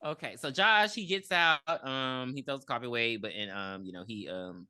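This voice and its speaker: A woman's voice: extremely low pitch, normal speed, no echo. A woman co-hosting a podcast, chatting casually as she retells a film's plot, acting out characters' lines with laughter. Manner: animated retelling with voiced quotes and laughs. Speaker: podcast co-host. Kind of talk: casual movie review chat.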